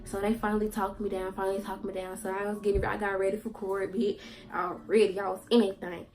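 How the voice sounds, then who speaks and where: A woman vlogger telling a personal story in a candid, slangy way, halting with fillers and repeats. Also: medium pitch, level tone, a little mellow, low-quality recording. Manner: candid, slangy, sometimes swearing for emphasis; halting, with many fillers and repetitions.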